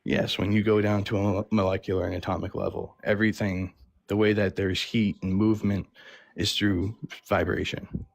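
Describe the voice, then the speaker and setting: A man's voice: deep voice, level tone, moderate pace, vocal fry, no echo. A man calling into a live debate, rambling and defensive as he explains his beliefs. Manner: rambling, defensive, many fillers. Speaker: caller.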